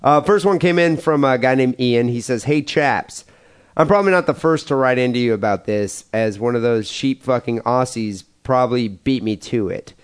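A man's voice: medium pitch, moderate pace, smooth. A man from the United States co-hosting a podcast, trading crude jokes in casual chat. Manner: profane, jokey banter. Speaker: podcast co-host.

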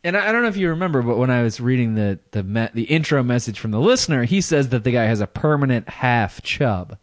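A man's voice: mid-range voice, animated, quick pace, no echo. A man co-hosting a comedy podcast, reading out news stories in casual chat and laughing often between crude jokes. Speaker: podcast co-host.

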